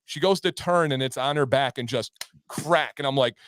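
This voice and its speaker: A man's voice: medium pitch, normal speed, no echo, clean studio sound. A man co-hosting a show, telling a story casually and acting out the people in it. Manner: animated, acts out voices in the story. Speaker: podcast co-host.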